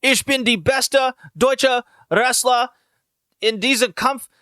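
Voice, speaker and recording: A man's voice: very high-pitched, bright, forceful tone, clean tone, no echo, clean studio sound, voice pushed up, heavily acted. Man putting on a pompous German wrestler. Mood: haughty. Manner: mock-German, haughty, halting.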